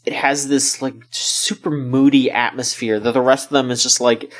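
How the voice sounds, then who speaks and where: Rambling, relaxed podcast co-host man. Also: medium pitch, normal speed. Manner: relaxed, rambling, laughs often. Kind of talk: casual chat.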